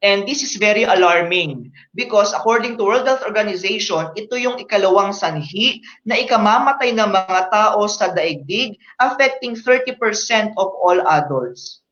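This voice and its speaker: A man with a Filipino accent giving an online happiness workshop, earnestly explaining research and pausing with fillers. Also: high voice, expressive, a bit bright, roomy sound. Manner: earnest, reads research aloud, frequent fillers. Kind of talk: online workshop talk mixing English and Tagalog. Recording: slightly dull lo-fi audio.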